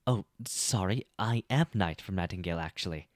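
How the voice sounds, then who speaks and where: A man voicing a charming young male archer in an audiobook reading, courteous and gentle. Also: low-pitched, normal speed, dry recording, studio quality, close to an everyday voice. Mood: polite.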